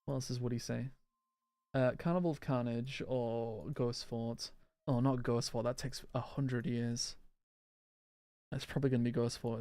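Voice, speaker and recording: This man's voice is medium-pitched and mellow, recorded dry. Playing a game live, the content creator rambles in a relaxed way, responds to viewer comments, and keeps starting his thoughts over.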